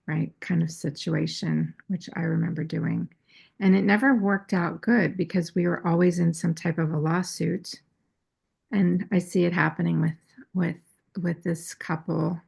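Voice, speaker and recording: A woman hosting her own channel, talking candidly and self-critically about her past. Her voice sits fairly low and is thick with gravelly fry and a husky edge. She often restarts her phrases as she tells the story. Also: fairly even intonation, a little slow, a little mellow. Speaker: astrology and tarot channel host. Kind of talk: casual confessional talk.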